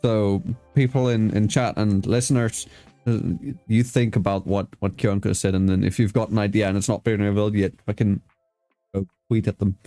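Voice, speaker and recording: A man's voice: fairly low pitch, flat delivery, moderate pace, dark tone, no echo, soft background music. A man hosting an interview show, chatting casually with a guest, laughing often and swearing freely. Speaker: host. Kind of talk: casual chat.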